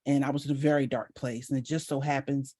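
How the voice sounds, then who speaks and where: A woman's voice: extremely low pitch, little pitch movement, quick pace, dark tone. Earnest middle-aged woman sharing her testimony. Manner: earnest and emotional, voice swelling with gratitude. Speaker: team member sharing her story. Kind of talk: heartfelt personal testimony. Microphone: video call.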